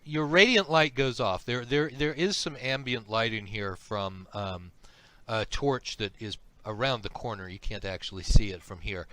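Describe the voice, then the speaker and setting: A man running a tabletop role-playing game as game master, hesitant and halting as he describes the scene. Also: fairly low pitch, pushed and bright, no echo. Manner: hesitant, many ums and repeated starts.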